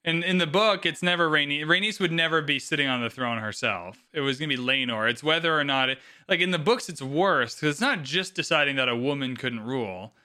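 Bright-voiced opinionated male podcast host. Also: fairly high pitch, brisk, hardly any pauses. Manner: animated, opinionated, swears freely. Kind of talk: casual podcast chat.

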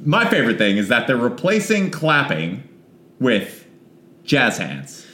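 A man co-hosting a podcast, wry and quick to laugh as he reads out news stories in casual chat. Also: mid-range voice, wildly swooping pitch, sharp tone. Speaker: podcast co-host. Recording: echoey room.

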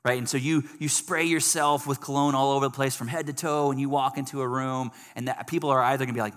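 A man preaching a sermon, animated and acting out quoted people in raised voices. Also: medium pitch, fast talker, hardly any pauses. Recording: long hall reverb.

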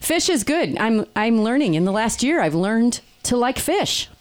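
A woman's voice: on the high side, big pitch swings, unhurried. A middle-aged woman hosting a casual chat, telling stories and laughing often. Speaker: podcast host.

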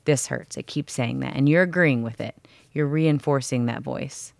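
A woman with a low, grounded voice talks frankly in a casual coaching conversation, swearing now and then and acting out the doubting voices of a hard workout. The sound is close and dry, with no room around it. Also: moderate pace, gravelly, darkish tone, no echo. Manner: frank and profane, acts out inner voices. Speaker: podcast co-host.

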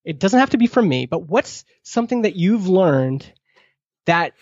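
A man's voice: very animated, normal speed, a little mellow, slightly rough, no echo. A man speaking as a podcast guest in a product marketing role, giving advice and acting out the questions he wants people to ask. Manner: acts out quoted questions, pitch jumping up. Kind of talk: animated advice-giving in conversation. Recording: dull lo-fi dry sound.

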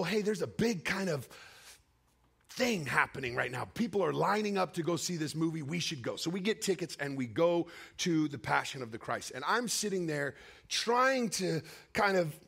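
A man preaching a sermon, telling a personal story with emotional swings between raised cries and hushed, quiet passages. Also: vocal fry, slightly rough. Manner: emotional storytelling with sweeping highs and hushed lows.

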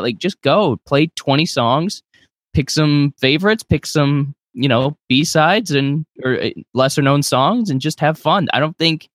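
A man's voice: on the high side, expressive, unhurried, no room sound, studio quality. A man co-hosting a fan podcast, rambling and joking in casual chat. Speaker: podcast co-host.

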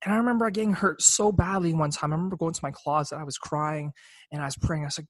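Young male, personal testimony, earnest and reflective, slightly higher voice, dry sound. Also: fast, no echo. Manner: earnest, reflective, repeats words when emotional. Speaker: speaker sharing a faith testimony.

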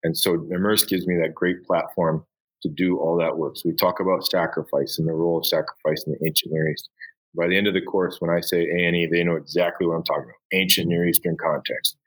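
Lively, low-voiced male teacher. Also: fast talker, low-quality recording. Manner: enthusiastic storyteller, acts out voices. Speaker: high school Bible teacher. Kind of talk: conversational interview.

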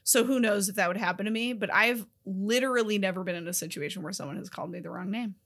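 A young woman co-hosting a casual chat show, expressive and quick to laugh in disbelief. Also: mid-range voice. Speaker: podcast co-host.

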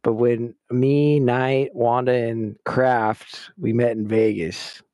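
A male podcast guest in casual chat, given to excitable, laughing exclamations. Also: mid-range voice, takes it slowly, dry recording, studio quality.

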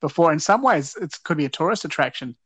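A man's voice: on the high side, lively intonation, fast talker, a bit bright. A man hosting a podcast, recounting an episode's plot with an earnest, wry manner. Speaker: podcast host. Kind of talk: casual episode recap.

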